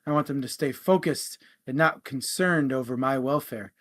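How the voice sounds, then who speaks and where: A man voicing a calm, composed male ship captain while telling a joke. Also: mid-range voice, moderate pace, lightly acted.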